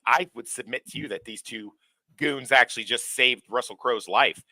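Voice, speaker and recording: A man's voice: mid-range voice, normal speed, sharp tone, no room sound. A man co-hosting a casual film podcast, joking bluntly and swearing. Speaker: podcast co-host.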